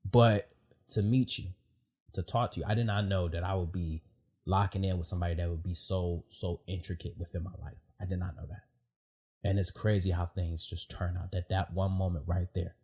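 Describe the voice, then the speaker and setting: A man hosting a podcast, telling a story in an emotional, animated way, with lots of fillers and swearing. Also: low voice, normal speed, breathy edge. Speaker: podcast host. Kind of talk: casual heartfelt chat.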